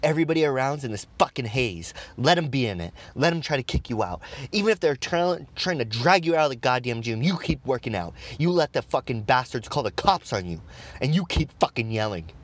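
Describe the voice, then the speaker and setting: A man delivering an intense, profanity-heavy motivational rant, swearing constantly and breaking into shouted bursts. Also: medium pitch, sing-song, fairly quick. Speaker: motivational speaker.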